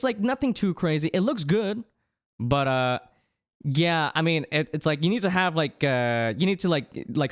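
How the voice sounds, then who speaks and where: A young adult livestreamer chatting casually with viewers, rambling and excitable, with many restarts. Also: mid-range voice, smooth. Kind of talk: casual chat with stream viewers.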